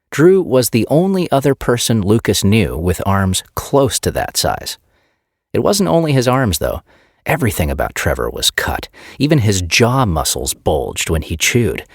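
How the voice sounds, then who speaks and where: A man narrating a science fiction audiobook with expressive storytelling. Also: low voice, breathy edge, no room sound, studio quality. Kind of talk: scripted narration.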